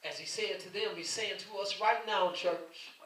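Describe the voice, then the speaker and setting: A man with a high-pitched, slightly bright voice preaches with passion, his steady tone and moderate pace carrying repeated calls through a church sanctuary. The recording is distant and echoey.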